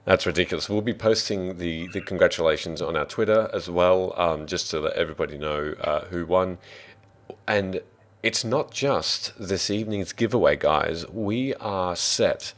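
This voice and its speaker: A man's voice: low voice, moderate pace, a bit bright. An Australian man who hosts a tabletop game stream as dungeon master, chatting in an upbeat, rambling way. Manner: upbeat, rambling, restarts often. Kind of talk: casual stream chat.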